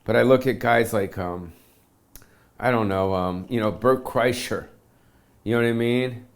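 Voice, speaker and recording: A man's voice: on the low side, measured pace, gravelly. A man doing a self-pitying comedic rant to camera, swearing constantly in slangy surfer-dude talk. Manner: profane, self-pitying, ranting.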